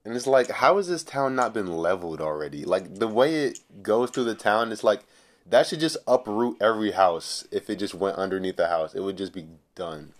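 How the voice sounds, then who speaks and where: A young man chatting casually on a podcast, skeptical and deadpan, often trailing off quietly. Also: fairly low pitch, moderate pace. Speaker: podcast co-host.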